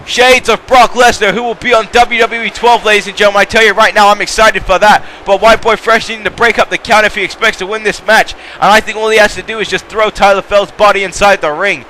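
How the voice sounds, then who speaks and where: With a high-pitched voice, a man narrates a wrestling match play by play, excitedly calling out moves, shouting at the big moments and rambling to the audience between them. Slight background noise is audible.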